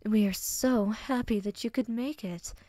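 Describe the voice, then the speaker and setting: A woman voicing a warm young ewe mother, gentle and cheerful, in a storybook reading. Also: on the high side, a little slow, no room sound, studio quality, voice pushed up.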